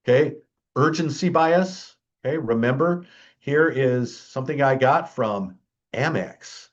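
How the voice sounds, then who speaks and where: Through a muffled recording, a man with a mid-range voice delivers a security awareness training at an unhurried pace. He's emphatic and conversational, checks in with the audience repeatedly, and ridicules scams with dry, wry humor.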